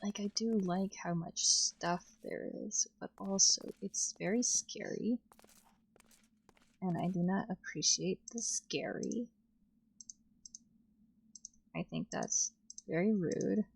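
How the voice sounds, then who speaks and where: A woman streaming a game, talking to herself at an unhurried pace. Her voice sits low, with a husky, gravelly edge. She sounds jittery and easily spooked as she plays. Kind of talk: casual gameplay commentary.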